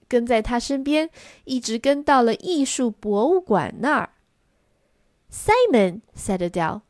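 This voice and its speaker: A woman reading a children's story aloud in two languages, expressive and lively. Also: medium pitch, no room sound, clean studio sound.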